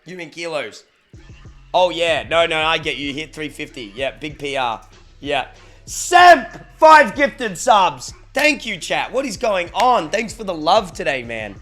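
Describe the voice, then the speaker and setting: A man's voice: fairly high pitch, sing-song, moderate pace, fairly bright tone, soft background music. Chatty Australian man, casual streamer. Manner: loose and chatty, swears, thanks viewers for subs. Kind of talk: casual live-stream chat.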